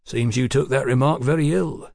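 A male narrator voicing a dry, deliberate Victorian police detective who questions politely and speaks in measured tones. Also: mid-range voice, gravelly, darkish tone, no room sound.

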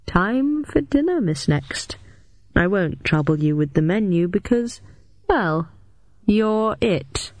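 A woman voicing a sinister undead male janitor who speaks in a slow, drawling, menacing way. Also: medium pitch, lively intonation, a little mellow, dry recording.

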